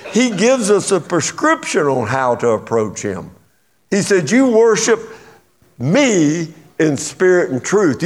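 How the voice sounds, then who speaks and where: Animated East Texas preacher. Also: male voice, a little high. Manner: folksy, animated preaching with lively dramatized quotes. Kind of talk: sermon.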